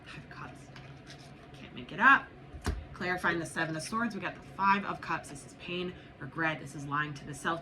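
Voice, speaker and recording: A woman's voice: deep voice, normal speed, pushed and bright. A woman giving a spiritual tarot reading to viewers, blunt and profane, urging and repeating herself. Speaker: tarot reader. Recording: noisy background.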